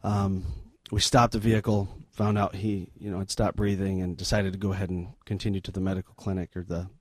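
A middle-aged man, a missionary guest in an interview, retelling a story in an earnest, halting, sombre way. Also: low-pitched, level tone, no echo.

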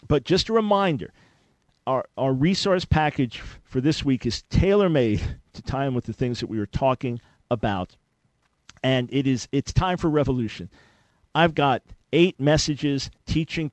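A man hosting a radio talk show in a dry, close-miked studio sound. He speaks at a middling pitch in a conversational way, pushing hard on key words with sudden bursts of emphasis. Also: a little mellow, no room sound.

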